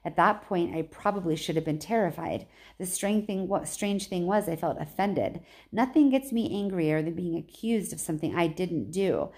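A woman teacher reading a novel aloud in plain, even storytelling with small slips. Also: on the low side, normal speed.

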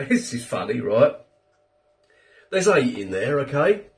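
Chatty British man with a lively voice. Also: medium pitch, slow, recorded from a distance. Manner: chatty, self-deprecating, rambling asides. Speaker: food reviewer, channel host. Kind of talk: casual chat food review.

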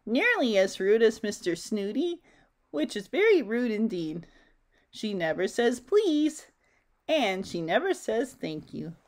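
A woman reading a children's picture book aloud in a gentle, expressive way, chatting to her listeners. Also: on the high side, a little slow. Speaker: storybook reader. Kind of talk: children's story read-aloud.

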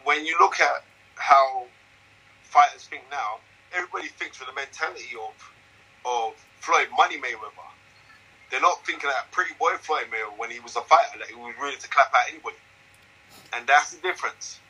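Animated man, bright voice. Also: medium pitch, a little fast, slightly rough, poor audio. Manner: animated, emphatic storyteller. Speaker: boxing analyst guest. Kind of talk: casual interview chat.

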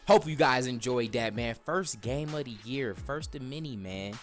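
A man hosting a gaming video, giving excited gameplay commentary, shouting at big plays and trash-talking in slang. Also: mid-range voice, measured pace, hardly any pauses, over music.

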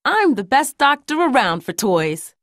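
A woman's voice: sits high, sing-song, unhurried, no room sound, studio quality. A woman voicing a cheerful, caring young girl who is a toy doctor in a children's storybook.

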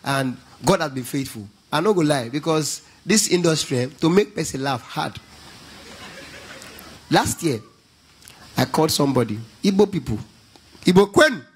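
A man with a Nigerian accent doing a lively stand-up routine at a church event, telling stories in pidgin and breaking into gospel song. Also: a little high, normal speed, long pauses, husky. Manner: animated storytelling, mixing pidgin, bursting into gospel song. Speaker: stand-up comedian.

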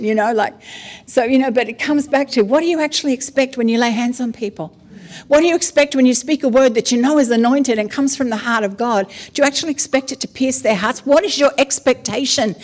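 A middle-aged woman preaching a sermon, telling stories in a lively, chatty way. Her voice sits somewhat high for a woman. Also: fast. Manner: lively, conversational storytelling with acted asides. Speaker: apostle and preacher.

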